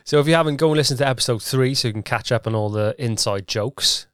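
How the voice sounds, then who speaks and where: A man's voice: mid-range voice, quick pace, fairly bright tone, smooth, no echo, clean studio sound. A man co-hosting a podcast in casual, playful chat. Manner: playful, teasing. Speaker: podcast co-host.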